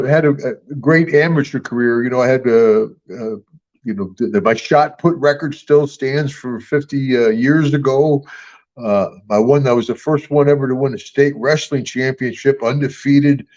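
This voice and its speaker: A man's voice: medium pitch, normal speed, darkish tone, muffled recording. An older man telling rambling, folksy stories with frequent chuckles in a casual interview. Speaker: guest and star of the show.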